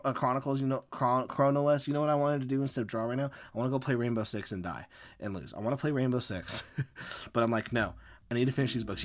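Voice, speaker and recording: A man hosting a casual live stream while he draws, rambling and swearing with many fillers and acting out his own quoted lines as he tells a story. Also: mid-range voice. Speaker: live-stream host and comic artist.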